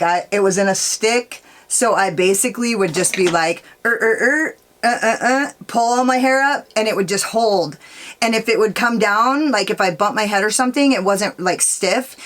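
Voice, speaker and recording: A woman makeup vlogger telling a rambling, profane story while doing her makeup, peppering her talk with "like" and "dude". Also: on the low side.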